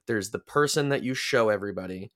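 A man's voice: lowish voice, fast, fairly bright tone, no echo, studio quality. A man talking as a podcast guest in casual chat, reflective and rambling, often restarting his sentences.

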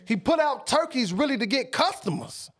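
A man's voice: very high-pitched, expressive, normal speed. A man co-hosting a podcast, arguing his point bluntly and profanely, often talking over the others. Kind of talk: heated casual debate.

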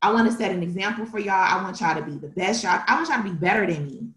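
A woman's voice: medium pitch, lively intonation, quick pace, fairly bright tone, roomy sound. A young woman co-hosting a podcast, talking casually and emotionally about her family and siblings. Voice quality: emotional, tearful at times. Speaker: podcast co-host.

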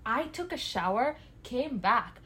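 A woman in her twenties, casually chatting as a podcast co-host, acting out dialogue in a lively storytelling manner. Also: fairly high pitch, a little slow. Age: 20s. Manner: animated storyteller, acts out dialogue, bursts into loud laughs. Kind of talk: casual chat.

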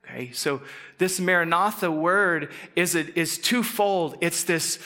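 A middle-aged man preaching a casual, conversational sermon. He acts out quick quoted voices and sometimes drops to a soft, intense tone. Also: fairly high pitch. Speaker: pastor.

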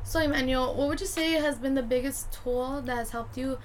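A woman's voice: high voice, normal speed, a little hiss or hum. A young woman hosting a podcast, chatting casually and gushing, with lots of "like" and "dude". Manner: gushing, heavy use of "like" and "dude". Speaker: podcast host. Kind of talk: casual chat.

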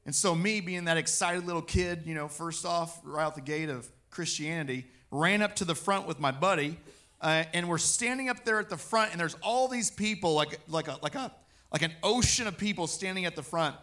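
A man preaching a personal testimony, telling his story in an animated way and acting out what he said. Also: a little high, normal speed.

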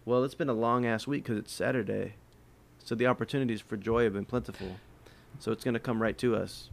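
Teasing man in relaxed podcast banter. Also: mid-range voice, a little fast, vocal fry. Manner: teasing, laughs often. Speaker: podcast co-host. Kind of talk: casual chat.

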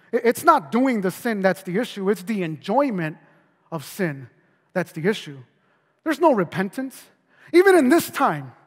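A man preaching a sermon as a pastor, earnest, stumbling over repeated words and dropping his voice low for emphasis. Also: big-room sound.

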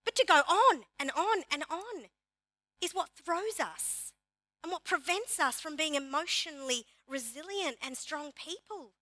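A woman pastor preaching a sermon in an animated, emphatic way, repeating key phrases for her congregation. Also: high voice, unhurried, no echo. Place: church.

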